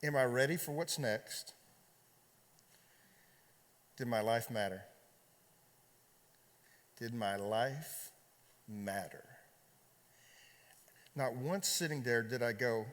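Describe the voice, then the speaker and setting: A man preaching as a pastor, telling a personal story in a conversational, halting way with many fillers and repeated words. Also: medium pitch, fairly bright tone. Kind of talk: sermon storytelling. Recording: long hall reverb.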